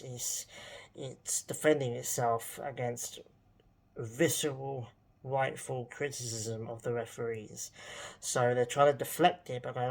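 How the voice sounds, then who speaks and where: A man with a gravelly, creaky voice vents in a rambling vlog rant. He sounds exasperated and sarcastic, with lots of ums and restarts as he picks his words. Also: medium pitch. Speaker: football fan vlogger. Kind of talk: casual ranting monologue.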